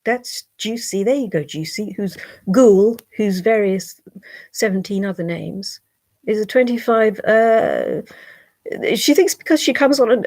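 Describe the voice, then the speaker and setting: A woman's voice: mid-range voice, a little mellow. A British woman on a livestream, bluntly scolding and swearing at online trolls.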